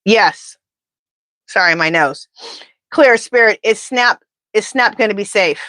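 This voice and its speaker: A woman doing a live pendulum reading, talking in an animated, indignant, chatty way. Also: medium pitch, slow, no room sound. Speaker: tarot reader.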